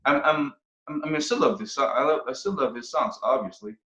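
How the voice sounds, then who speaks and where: A man from the Philippines, a guest musician, talking casually in an interview, often pausing and restarting his sentences. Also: mid-range voice, sharp tone. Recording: roomy, dull podcast audio.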